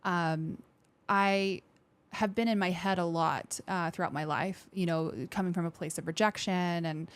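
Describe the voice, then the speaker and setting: Woman, podcast guest, candid and frank, lowish voice, casual interview talk, acts out quotes. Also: steady tone, a little slow, smooth. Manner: frank, with occasional swearing. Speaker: podcast guest, military veteran.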